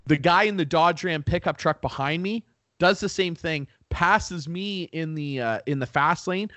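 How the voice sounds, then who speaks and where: A man's voice: a little high, a little slow, sharp tone, no echo. A man from Canada telling a driving story in casual chat, ranting and swearing freely.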